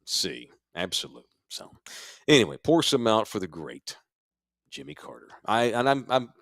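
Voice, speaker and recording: A man's voice: medium pitch, very animated, normal speed, creaky, fairly bright tone, dry recording. A middle-aged man from Texas co-hosting a casual podcast from a sports bar studio, telling loose, rambling stories. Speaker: podcast co-host.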